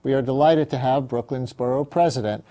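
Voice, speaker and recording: Mellow-voiced male TV host. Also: medium pitch. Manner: measured, scripted intro then quick questions. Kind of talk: TV interview. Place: TV studio.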